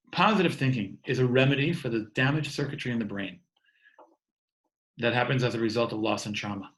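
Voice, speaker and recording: An earnest man in his thirties gives an inspirational talk from home over a video call. His voice sits in an ordinary middle pitch, and he often repeats words as he builds his points. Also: poor audio. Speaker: speaker giving an online talk. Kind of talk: warm inspirational talk to an online audience.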